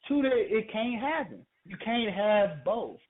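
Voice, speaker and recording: A man's voice: high-pitched, big pitch swings, a little slow. Chatty man on a phone-like radio line. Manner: chatty, repeats himself, laughs often. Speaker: podcast co-host. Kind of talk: casual radio talk. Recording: phone-like call-in radio audio.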